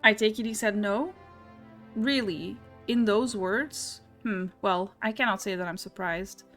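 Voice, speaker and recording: A woman reading a game townsperson's dialogue aloud in a measured, storytelling way. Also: medium pitch, fairly bright tone, soft background music, close to an everyday voice. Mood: wistful.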